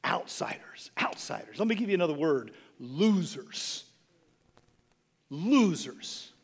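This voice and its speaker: A man's voice: a little high, very animated, slow pace, breathy edge. A middle-aged man preaching a sermon as a bishop, snarky and conversational, teasing his listeners.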